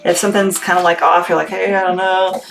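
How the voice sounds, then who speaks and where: A woman's voice: on the low side, little pitch movement, fast talker, vocal fry. A chatty, bubbly woman who laughs often, running a casual live sales stream for her small family business while packing orders. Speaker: small business owner selling on a livestream. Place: home workspace packing orders. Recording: background noise with clicks.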